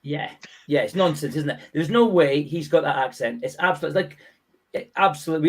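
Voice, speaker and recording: A man's voice: on the high side, animated, fairly quick. Mock-serious male comedian guest. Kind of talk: panel show banter.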